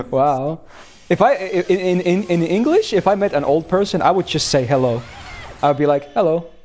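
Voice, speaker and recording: A man's voice: sits high, lively intonation, moderate pace, a little mellow. A young man from Finland chatting casually on a game stream, rambling and laughing as he answers chat.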